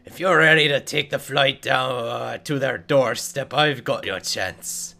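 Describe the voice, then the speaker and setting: A man voicing a gruff male dwarf quest-giver from a game, reading his lines loudly and bluffly. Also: medium pitch, measured pace.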